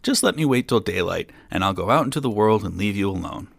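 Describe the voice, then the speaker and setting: Male reader as naive fearless farm boy, guileless and plain, gravelly, storybook. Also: fairly low pitch, lively intonation, fast, no room sound, clean studio sound. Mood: earnest.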